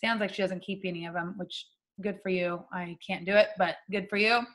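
A young woman co-hosting a podcast in casual chat, frank and quick to swear, laughing often. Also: fairly low pitch, steady tone, fairly bright tone. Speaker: podcast co-host.

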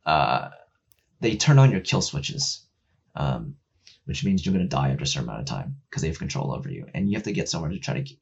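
Man, casual chat, low husky voice, rambling, profane, lots of fillers, acts out voices, lo-fi sound. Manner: gets loud and excited when making a point.

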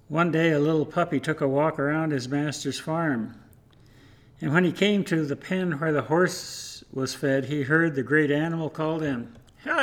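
A man preaching a sermon, telling a story in a measured, rhythmic way. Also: a little high. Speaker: pastor.

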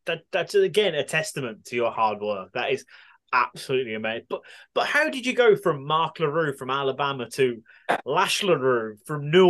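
A man hosting a podcast, asking questions with enthusiasm and a few stumbles. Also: fairly high pitch. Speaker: podcast host. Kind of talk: interview questions.

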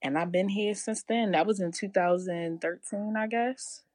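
A woman's voice: mid-range voice, moderate pace, a little mellow, no room sound, studio quality. A woman in her thirties from Baltimore County with a Baltimore accent, talking casually as a guest and laughing often. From Baltimore County, USA. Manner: chatty, laughing, lots of "like". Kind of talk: casual chat.

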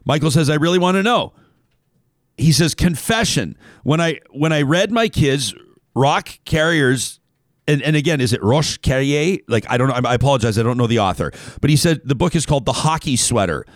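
A man's voice: a little high, expressive, normal speed, no room sound, clean studio sound. A man hosting a casual talk show, reading out a listener email and wandering off on tangents.

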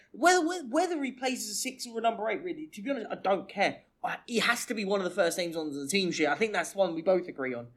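Co-host, man, high voice, relaxed and jokey in casual chat. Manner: easygoing, agreeable, jokey. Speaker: podcast co-host. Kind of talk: casual football podcast chat.

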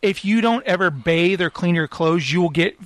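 A man with a high voice chats casually, telling an animated story. The sound is dry and close, with no room echo. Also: moderate pace. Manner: animated storytelling, acting out quoted lines. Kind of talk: casual chat.

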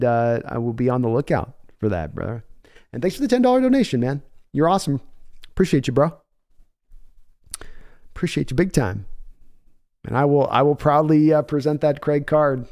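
Male stream host, mid-range voice, smooth and clear, chatty with viewers. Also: mid-range voice, a little mellow. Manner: chatty, answers viewers by name. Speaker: sports podcast host reading chat. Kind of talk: casual live-stream chat.

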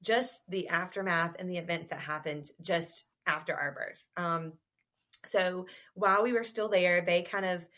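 Speaking unhurriedly in a lowish voice, a young woman shares her story as a guest on a laid-back podcast. Her account is lively and punctuated by giggles and laughter.

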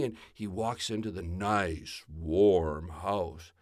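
A man telling a children's story aloud in a folksy, drawn-out way. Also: low voice, a little mellow, dry recording, studio quality.

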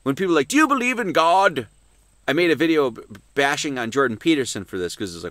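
A man preaching at a Sunday service, emphatic and swinging between loud emphasis and hushed asides, with many restarts. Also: a little high, big pitch swings, fast, no echo.

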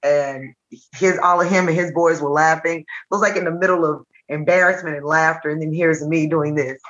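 A woman with a low voice that still rings bright and forceful talks casually as a podcast guest. She tells stories with animation and acts out quoted lines. The audio is a bit dull and lo-fi. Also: steady tone, brisk. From Nashville. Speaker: comedian and teacher, podcast guest. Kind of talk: casual interview chat.

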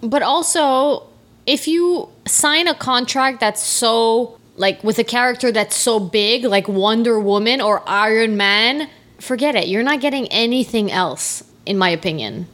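A woman with a somewhat high voice, chatting casually. She digs in on her opinion, laughs easily and fills her sentences with "like.". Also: unhurried, fairly bright tone. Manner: stubborn, laughs, says "like" often. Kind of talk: casual chat.

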